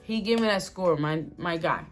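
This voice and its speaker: A woman's voice: fairly low pitch, normal speed, soft background music. Chatty young woman telling a story. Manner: animated, full of fillers, quotes herself and others. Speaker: vlogger. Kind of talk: casual storytime. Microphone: phone or camera mic.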